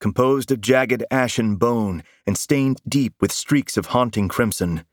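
A man giving dramatic first-person fiction narration in an intense, measured storytelling manner. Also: on the low side, no echo, studio quality.

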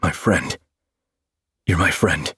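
A man's voice: deep voice, slow, bright, forceful tone, husky, no room sound, studio quality, pitched below the performer's own voice, full character voice. A man voicing a wounded male hero pleading with his friend, urgent and strained, in an audiobook reading. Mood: desperate.

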